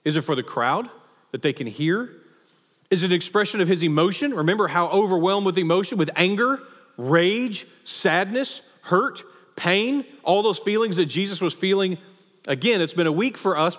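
A male pastor with a fairly high voice gives a conversational, animated sermon. His words ring out with the long reverb of a church hall.

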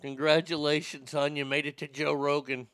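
A sarcastic, foul-mouthed man riffs on the headlines like a show host. His voice sits high and bright with a gravelly edge. The sound is close and dry. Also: level tone, moderate pace, dry recording. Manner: sarcastic, profane, mocking. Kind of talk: crude political commentary.

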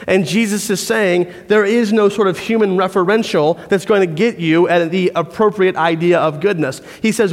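Male pastor, fairly high voice, lively conversational sermon, reverberant church hall. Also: moderate pace, hardly any pauses. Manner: conversational, animated storytelling.

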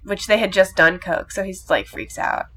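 A young woman chatting casually and recounting a film in a loose, rambling way. She swears freely and leans heavily on filler words, with a pitch in the middle range. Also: expressive, moderate pace, bright, forceful tone, husky. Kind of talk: casual chat retelling a movie plot.

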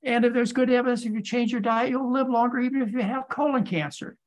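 A man's voice: very high voice, fairly even intonation, fast talker. A man who is a physician, giving lecture-style answers in a podcast Q&A and pressing his points with insistent rhetorical questions. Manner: emphatic, hammering rhetorical questions.

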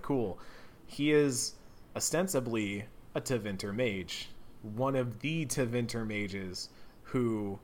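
A man co-hosting a casual gaming podcast, talking in an animated way, often laughing and slipping into mock voices for quotes. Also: mid-range voice. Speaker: podcast co-host.

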